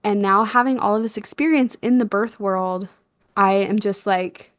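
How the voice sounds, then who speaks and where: A young woman telling a birth story in a casual chat, animated and quick to laugh, acting out what was said. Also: medium pitch, no echo, studio quality. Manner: animated, laughs often, acts out quotes. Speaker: guest, doula.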